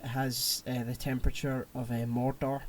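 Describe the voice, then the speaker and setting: A man's voice: mid-range voice, flat delivery, normal speed, a little hiss or hum. A man co-hosting a casual podcast chat, talking in a laid-back, hesitant way with fillers and teasing his co-host.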